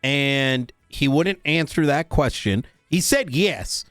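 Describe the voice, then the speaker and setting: A man's voice: a little high, animated, slow, a bit bright, clean tone, no echo, studio quality, soft background music. A man playing a lawman in a role-play game, blunt, irritated and heavy on swearing. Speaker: roleplay player as a lawman. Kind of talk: in-character role-play chat.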